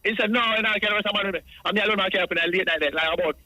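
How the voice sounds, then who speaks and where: A Jamaican man calls in over the phone and rattles off his account at breakneck speed in a high, bright, sharp voice. He rambles in patois and circles back over the same points again and again. The line sounds dry and close. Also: racing, no room sound, poor audio. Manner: rambling, repeats himself, speaks in patois. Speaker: radio caller.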